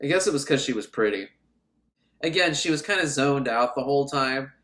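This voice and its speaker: A man's voice: mid-range voice, expressive, a little fast, a bit bright. A man giving a rambling, profane, sarcastic comic recap of a film. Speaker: film reviewer. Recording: echoey room.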